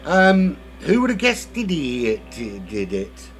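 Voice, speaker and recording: A man commentating a sim race live in a gravelly voice. His pitch leaps and dips as he rambles from one joke to the next and keeps cutting himself off. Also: huge pitch swings, takes it slowly, a bit bright, soft background music. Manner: rambling, jokey, self-interrupting. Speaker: race commentator and lobby host.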